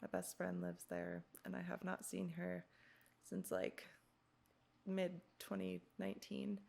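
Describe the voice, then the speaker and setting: Young adult female podcast host, loose and chatty, strong gravelly fry. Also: fairly low pitch, flat delivery, measured pace, darkish tone. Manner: rambling, giggly, swears casually. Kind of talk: casual chat.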